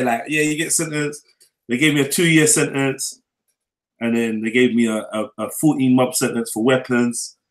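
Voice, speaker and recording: A man's voice: mid-range voice, fairly bright tone. A young man telling his own life story in casual street slang, often checking in with "you get me?". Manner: loose London street slang, frequent "you get me?" tag. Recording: echoey room.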